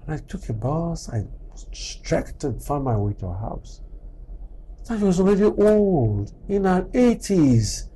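Middle-aged male speaker, husky, lively motivational delivery, plays out dialogues. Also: fairly high pitch, a little slow, poor audio. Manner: animated, acts out little dialogues. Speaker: speaker on character. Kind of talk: motivational talk.

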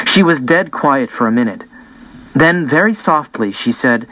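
A man's voice: mid-range voice, expressive, unhurried, pushed and bright. A man reading a first-person audiobook in a casual, conversational way. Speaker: audiobook narrator. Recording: dull, dry lo-fi recording.

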